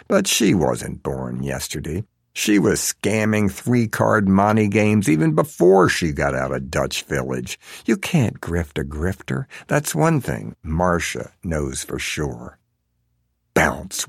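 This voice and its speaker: Guy reading a funny story, really low voice with gravel, dry close sound. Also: no echo. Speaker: narrator. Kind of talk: scripted narration.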